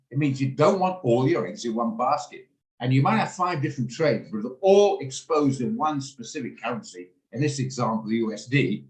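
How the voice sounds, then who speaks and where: A man teaching a live online trading lesson over a video call. He talks quickly and walks through each step hands-on. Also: mid-range voice. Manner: fast, hands-on step-by-step explaining. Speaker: trading instructor. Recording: echoey room sound.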